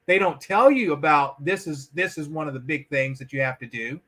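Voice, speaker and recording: A man with a high, bright and forceful voice talks as a guest in a conversational interview. He speaks emphatically and slips into little acted-out voices when he quotes people. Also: a little fast. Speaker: podcast guest.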